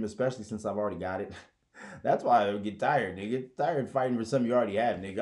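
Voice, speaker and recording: A man's voice: fairly low pitch, fast, darkish tone. A man hosting a podcast in a casual, profane monologue, rambling and mocking others with put-on voices. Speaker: podcast host.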